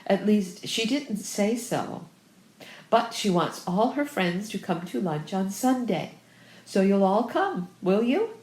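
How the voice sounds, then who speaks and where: A woman reading aloud, voicing an eager, fussy young gentleman who delivers his news briskly. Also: mid-range voice, very animated, pitched above the performer's own voice. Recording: roomy echo.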